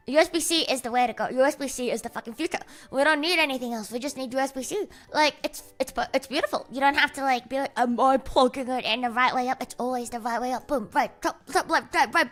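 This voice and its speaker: Young woman, livestreamer, rambling casual chat, frequent swearing, sharp bright tone. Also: high-pitched. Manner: rambling, swears freely, playful and animated.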